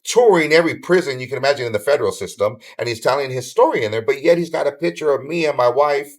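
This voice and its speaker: A man's voice: mid-range voice, fast. An older man from Southern California, a podcast guest telling a long story in casual chat, swearing freely and acting out what others said. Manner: animated storyteller who swears casually and acts out others' lines.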